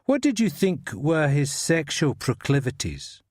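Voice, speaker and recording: A man's voice: on the high side, big pitch swings, measured pace, darkish tone, dry recording. An actor playing a patient male detective who questions a suspect with dry, probing politeness. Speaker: police interrogator.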